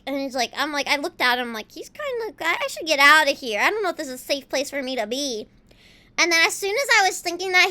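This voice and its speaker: Very high, bright-voiced playful woman streamer. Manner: rambling, playful and teasing toward chat; dramatic, swings between loud and quiet. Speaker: VTuber streamer. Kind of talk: casual live-stream chat with viewers. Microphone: desk streaming mic.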